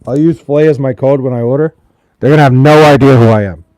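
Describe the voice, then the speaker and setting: A young livestreamer at home in Wisconsin chats casually with his viewers, joking and swearing loosely while sounding tired. He talks fast in a mid-range, darkish-toned voice.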